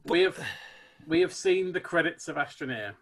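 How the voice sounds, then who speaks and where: A man's voice: a little high, expressive, moderate pace, fairly bright tone. A man co-hosting a casual gaming podcast, with a posh-sounding, good-humoured manner. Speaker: podcast co-host.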